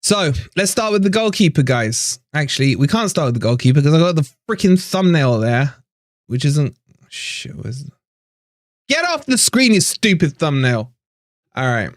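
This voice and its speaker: A man's voice: fairly high pitch, big pitch swings, moderate pace, no echo, clean studio sound. A man hosting a live fan stream, ranting with frustration after a match, swearing and repeating himself. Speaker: fan channel host. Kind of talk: live post-match rant.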